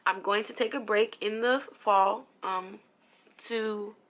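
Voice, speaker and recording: Chatty young woman, bright voice. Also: mid-range voice, fairly even intonation, slow pace. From New Jersey. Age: young adult. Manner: chatty, lots of fillers, emotional. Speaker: vlogger. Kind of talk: casual vlog update.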